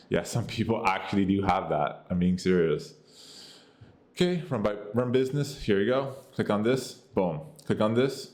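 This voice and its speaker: Reviewing an app at a moderate pace, an American man with a darkish tone rambles casually. This tech reviewer leans on filler words and keeps repeating "boom" and "you get the idea."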